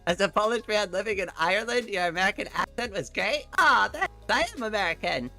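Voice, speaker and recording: Woman, middle-aged, from New England, casual livestream chat, bright voice, faint music behind. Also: mid-range voice, expressive, fast. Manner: chatty, rambling, laughs often. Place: home room.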